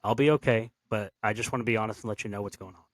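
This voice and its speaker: A man's voice: fairly low pitch, steady tone, racing, dry recording. A man hosting a podcast who talks bluntly and casually, swearing freely as he shares his view. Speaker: podcast host.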